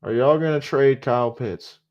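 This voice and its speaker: A man's voice: mid-range voice, moderate pace. A man casually talking through a live sports stream, repeating himself and muttering asides. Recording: dull lo-fi stream audio.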